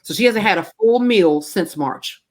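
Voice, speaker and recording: A woman's voice: mid-range voice, animated, moderate pace. A middle-aged woman in casual podcast chat, telling a personal story candidly and emotionally, with frequent swearing. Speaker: podcast guest co-host.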